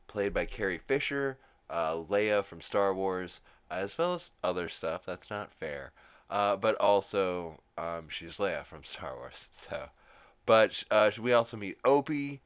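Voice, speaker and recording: Low-voiced man rambling through a recap. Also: animated, slow pace, a bit bright, dry recording. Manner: rambling, lots of fillers, swears freely. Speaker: podcast host. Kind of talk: casual episode recap.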